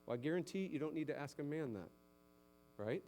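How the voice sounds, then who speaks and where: A male pastor preaching a sermon who climbs to loud, emphatic exhortation and then drops low and soft. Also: lively intonation, fairly quick, a little hiss or hum.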